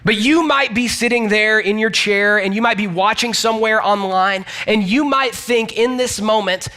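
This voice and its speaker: Pitched high and sounding pushed and bright, a young Georgia pastor talks at a moderate pace. His sermon is conversational and chatty, full of self-deprecation, and he speaks straight to the people listening.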